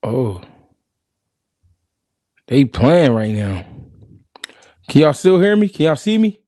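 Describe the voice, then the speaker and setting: A man's voice: mid-range voice, very animated, slow pace, mellow, no echo, studio quality. A man hosting a live stream, chatting casually and animatedly in slang, talking straight to his chat.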